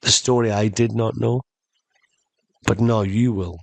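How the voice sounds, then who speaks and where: A man hosting a podcast, telling a funny story in an animated way and slowing down for emphasis. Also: fairly low pitch, vocal fry, no echo. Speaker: podcast host. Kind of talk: comedic storytelling monologue.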